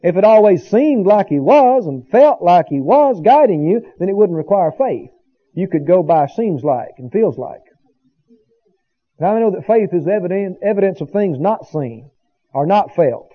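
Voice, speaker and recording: A man's voice: sits high, sing-song, moderate pace, husky, muffled recording. A man preaching a sermon as pastor, building to emphatic bursts and asking the congregation for agreement. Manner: preaching with rising emphatic bursts and call-and-response asides.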